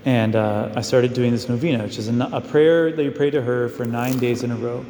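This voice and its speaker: A man's voice: medium pitch, brisk, dark tone, slight background noise. A male priest giving a casual, story-driven homily, full of fillers as he talks to the congregation. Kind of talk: conversational mission homily. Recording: echoey hall with long reverb.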